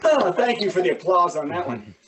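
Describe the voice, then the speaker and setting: A man doing stand-up comedy on a video call, telling lively jokes and stories. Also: sits high, fairly quick, recorded from a distance, over a noisy crowd, rough recording. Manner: animated, joking, lively storytelling.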